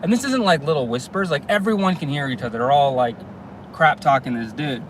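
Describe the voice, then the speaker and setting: Young man, slightly high voice, rambling storyteller, driving, road noise. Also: animated, a little fast, low-quality recording. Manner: rambling, casual, many fillers. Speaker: vlogger. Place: car, driving. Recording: clear road and traffic noise.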